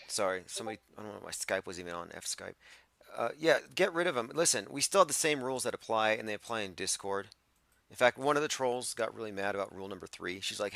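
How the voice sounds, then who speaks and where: A man's voice: on the low side, lively intonation, a little fast, gravelly, sharp tone, no room sound. Combative man ranting on a livestream. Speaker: livestream host. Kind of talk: casual livestream monologue.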